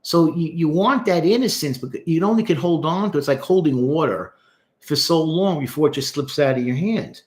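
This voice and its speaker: A man, a therapist, breaking down song lyrics in casual, animated commentary, talking straight to the viewer. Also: a little high, normal speed. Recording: echoey room.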